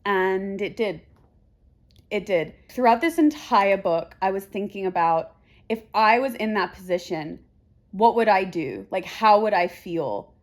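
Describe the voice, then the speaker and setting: A teary, emotional woman book vlogger talking to camera, halting and repeating herself softly. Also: mid-range voice, expressive. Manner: halting, repeats herself, soft trailing phrases. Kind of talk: casual chat to camera.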